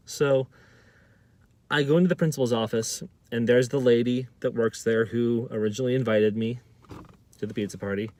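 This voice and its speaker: A man's voice: mid-range voice, fairly even intonation, normal speed, a little mellow. A man vlogger telling a personal story to camera, often stammering and repeating words.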